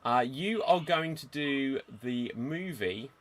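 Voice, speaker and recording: A man hosting a live improv comedy stream on a video call, briskly giving out games and laughing along. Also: mid-range voice, animated, crowd noise. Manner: brisk, chuckling, jokey hosting. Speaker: improv show host.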